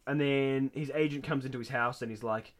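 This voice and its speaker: A man co-hosting a podcast, casually retelling a TV episode and jumping into high, excited voices for the characters. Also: fairly quick. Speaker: podcast co-host. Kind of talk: casual chat recapping a TV episode.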